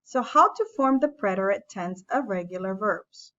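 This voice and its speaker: A woman teaching a language lesson, explaining grammar step by step in a patient, measured way. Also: mid-range voice, animated, sharp tone, lo-fi sound. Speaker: Spanish teacher. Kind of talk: classroom lesson narration.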